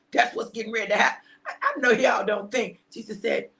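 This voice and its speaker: Middle-aged woman preacher, high and bright, lively energetic sermon delivery with repeated lines. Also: a little fast, vocal fry. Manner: animated, repeats phrases, laughs often, shouts for emphasis. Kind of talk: energetic sermon on a live stream.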